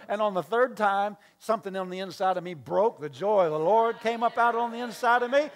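A man's voice: high voice, brisk, few pauses. A male pastor preaching a sermon, telling a story with acted-out dialogue and asides to the congregation.

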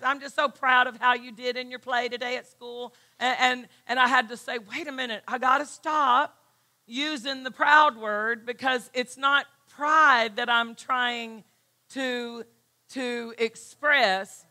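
A woman's voice: a little high, steady tone, measured pace, bright, forceful tone. A woman pastor preaching a sermon, emphatic and full of rhetorical questions.

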